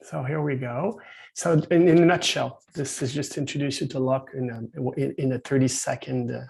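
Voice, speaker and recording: A man's voice: medium pitch, steady tone, normal speed, vocal fry, a little mellow, husky. A man with a Quebec French accent giving a hesitant webinar presentation over a video call, full of fillers and restarts. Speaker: company founder presenting at an industry seminar.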